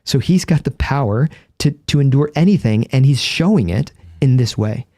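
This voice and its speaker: A man's voice: medium pitch, lively intonation, moderate pace, warm tone, no room sound. A man, a Catholic priest and guest, explaining in earnest, vivid storytelling with a close studio microphone. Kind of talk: conversational explanation.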